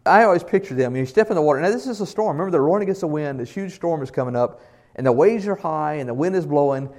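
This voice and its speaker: A man's voice: fairly high pitch, lively intonation, quick pace. A male pastor delivering an earnest, emphatic sermon and asking the congregation questions. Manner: earnest, emphatic preaching with shifts in loudness.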